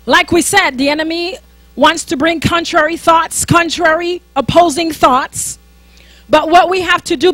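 A woman's voice: very high-pitched, fairly bright tone, dry recording. A woman minister preaching a sermon in an emphatic, conversational way, often repeating herself.

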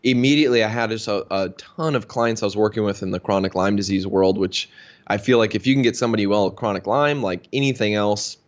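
A man's voice: fairly low pitch, quick pace. A man in his thirties from Minnesota, a guest telling a story in a casual interview and acting out the dialogue. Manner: animated storyteller, acts out quoted dialogue. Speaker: interview guest, health practitioner. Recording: dull lo-fi sound.

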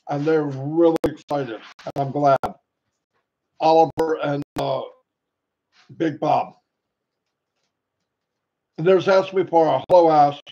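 Excitable man greeting livestream viewers. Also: on the high side. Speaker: livestream host. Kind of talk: casual livestream chat. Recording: dull lo-fi sound, faint noise.

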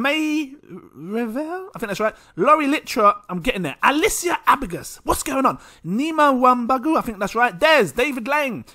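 A man's voice: very high voice, bright, forceful tone. A man hosting a crypto channel, reading out supporters' names in a casual, chatty way, stumbling and laughing at himself. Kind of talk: casual shout-outs to supporters.

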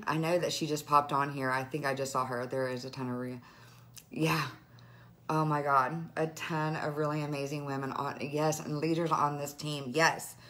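A woman in her thirties, tearful and overwhelmed, talking in a gushing, rambling way on a live phone video to her followers. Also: deep voice. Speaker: direct sales team leader.

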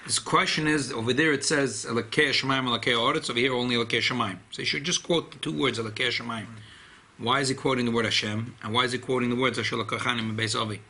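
A man, a rabbi, giving a classroom Torah lecture in an animated, emphatic way, often repeating key phrases. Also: medium pitch, racing. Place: study hall classroom.

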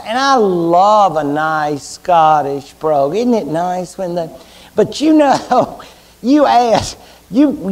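A man's voice: high-pitched, darkish tone. A man with a Southern US accent giving a university history lecture, chatty and wry, asking the class rhetorical questions.

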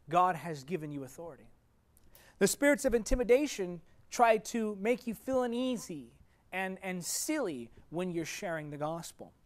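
A man preaching a sermon as a teaching preacher, emphatic and repetitive, swinging between raised declarations and hushed lines. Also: high-pitched.

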